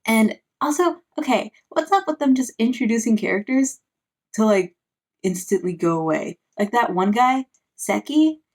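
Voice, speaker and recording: A woman's voice: a little high, animated, normal speed, a little mellow. A woman, a parent, giving a casual, sarcastic recap of a book, full of "like" fillers. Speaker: book reviewer.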